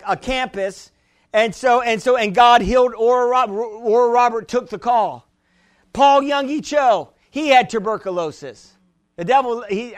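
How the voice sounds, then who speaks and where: A man's voice: very high voice, dry recording. A man preaching an emphatic sermon, often repeating words as he builds. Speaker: pastor.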